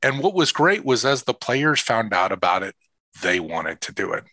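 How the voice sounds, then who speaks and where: A middle-aged man tells a heartfelt personal story in an earnest, emotional way. His voice sits fairly low yet sounds bright and forceful, recorded close and dry with no room sound. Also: normal speed, dry recording. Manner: earnest, emotional, quotes others in lively voices. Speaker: father and assistant football coach.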